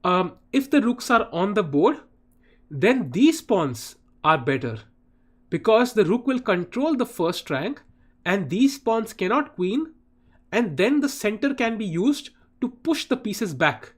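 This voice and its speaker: Casting: higher-pitched man, casual live chess stream host, chatty with chat. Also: sing-song, a little slow. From India. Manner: chatty, addresses chat viewers by name, often says "guys".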